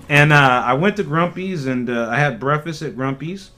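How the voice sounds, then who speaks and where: The host, a man from Ohio, speaks a little slowly with a fairly high pitch during his casual cannabis livestream. He's animated and laughs often as he addresses viewers.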